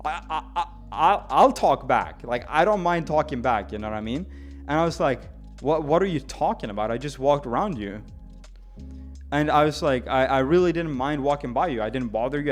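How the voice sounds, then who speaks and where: A man's voice: mid-range voice, brisk. A man telling a long story to his stream chat, a little drunk and speaking English as a second language. He talks in a loose, rambling way, restarting and stammering as he goes. Faint music plays under his voice. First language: not English. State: slightly drunk.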